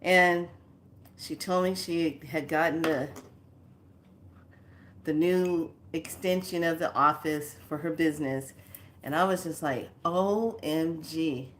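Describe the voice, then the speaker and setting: A woman's voice: low-pitched, slow, pauses often, slight background noise. Chatty woman telling a story. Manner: animated, acts out both sides of a conversation with laughs. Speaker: spiritual teacher and channel host. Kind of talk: casual storytelling to viewers.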